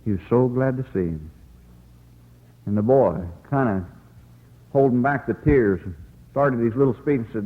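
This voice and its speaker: A man's voice: mid-range voice, normal speed, long pauses, in a large hall, narrow, tinny audio. A man preaching a revival sermon in a folksy, pleading way, telling the story dramatically as an evangelist.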